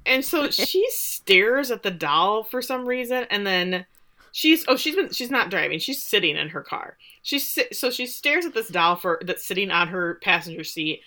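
Bright, chatty woman recapping a show. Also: medium pitch, expressive, moderate pace. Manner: chatty, wry asides, lots of "like". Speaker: podcast co-host. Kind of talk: casual TV recap chat.

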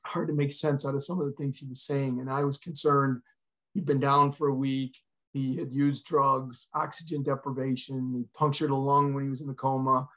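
A man's voice: medium pitch, level tone, normal speed, a bit bright. A middle-aged man, a retired fire chief, telling a personal story in an earnest, emotional way as a podcast guest.

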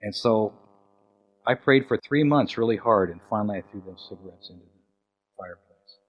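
A man preaching a sermon and telling his own story, swinging between loud emphatic questions and hushed, quiet quoted lines. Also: lowish voice, fairly quick, dull audio. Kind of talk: sermon with personal testimony.

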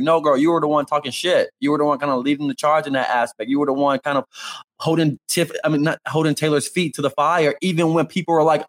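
A man co-hosting a casual chat, talking in an animated way and saying "like" often. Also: fairly high pitch, fast talker. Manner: animated, chatty, heavy use of "like". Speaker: podcast co-host.

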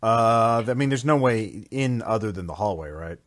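Man, low lively voice, halting, repeats words, tabletop player, dry sound. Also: no echo. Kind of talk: in-character tabletop play.

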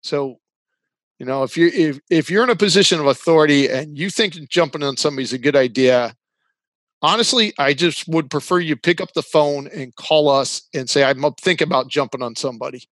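A man's voice: fairly high pitch, moderate pace, fairly bright tone, no echo. A man guesting on a podcast as a business consultant, explaining his views earnestly in casual interview talk, with a dry sarcastic streak. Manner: earnest, sarcastic at times, laughs while explaining.

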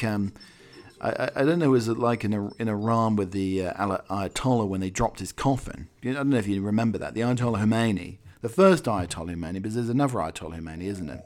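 A man hosting a chatty talk show, reading odd news stories with rambling asides and chuckles. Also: medium pitch. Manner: rambling asides, chuckling, filler-heavy tangents. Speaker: radio show host. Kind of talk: chatty news-story banter.

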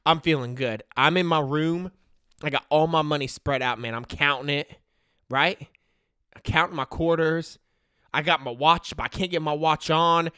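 A man's voice: on the high side, moderate pace, pushed and bright, smooth, dry recording, studio quality. A man in his thirties telling a comic story in a slangy way, checking in with the listener all the time. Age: 30s.

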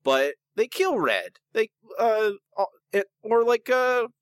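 A man's voice: high-pitched, big pitch swings, takes it slowly, clear, resonant tone, dry recording. A man co-hosting a podcast in casual chat, talking in an opinionated, rambling way with lots of restarts. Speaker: podcast co-host.

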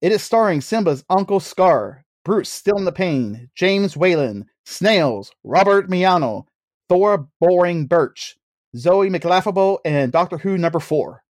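Brief: male podcast host, bouncy and high-pitched, teasing, laughs a lot. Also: expressive, measured pace, no room sound. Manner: jokey, laughs often, teasing. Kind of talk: casual comedic movie review chat.

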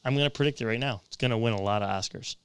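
A man's voice: medium pitch, very fast, fairly bright tone, clear, resonant tone, no echo. A man co-hosting a podcast, chatting enthusiastically about a movie with lots of fillers. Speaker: podcast co-host. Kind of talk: casual movie review chat.

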